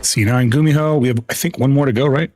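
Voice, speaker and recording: A man from the United States talks casually on a gaming stream, drifting between stories with plenty of cursing and sentences he trips over and begins again. He speaks quickly, his animated voice often jumping high.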